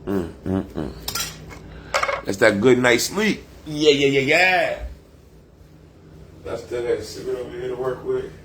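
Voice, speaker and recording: A man's voice: medium pitch, normal speed, slight background noise. A man, rambling profanely and boastfully on a casual livestream. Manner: loose, profane, boastful street talk.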